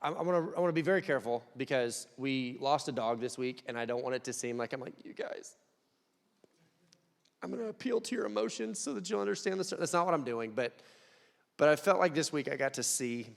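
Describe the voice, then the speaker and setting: A young man preaching a conversational sermon, dropping to quiet asides and rising to loud, emphatic peaks. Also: fairly high pitch, animated, fast talker, vocal fry. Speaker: pastor. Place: church hall. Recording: long hall reverb.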